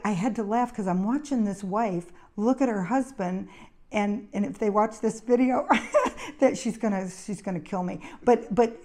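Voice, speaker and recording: Middle-aged woman therapist-host, chatty anecdote teller, mellow tone. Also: medium pitch. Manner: chatty storyteller, anecdotes with acted quotes. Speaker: occupational therapist and show host. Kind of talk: casual advice talk to camera.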